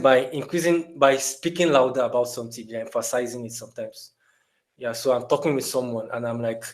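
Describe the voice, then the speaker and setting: A man's voice: medium pitch, low-quality recording. Man teaching a live online design class. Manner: relaxed, many fillers and restarts, asks the audience questions. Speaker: design instructor.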